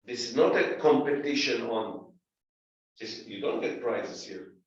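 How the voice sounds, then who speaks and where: A man's voice: medium pitch, lively intonation. Middle-aged guy mentoring, blunt and pushy, lots of echo, kinda far off and muffled. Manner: forceful, emphatic, rapid bursts. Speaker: investor mentor. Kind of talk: blunt coaching feedback. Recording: roomy echo, distant, dull.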